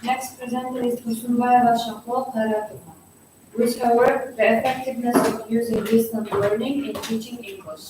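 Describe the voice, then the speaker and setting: A woman's voice: fairly high pitch, steady tone, normal speed, pauses often. A woman formally announcing the next presenter, reading the names carefully. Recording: echoey hall from far off, room noise.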